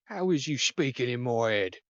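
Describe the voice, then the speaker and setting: A man's voice: mid-range voice, lively intonation, normal speed, smooth, no echo, dull audio, pitched above the performer's own voice, close to an everyday voice. A man voicing a startled, suspicious male bat rider who talks in broken grammar. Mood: baffled.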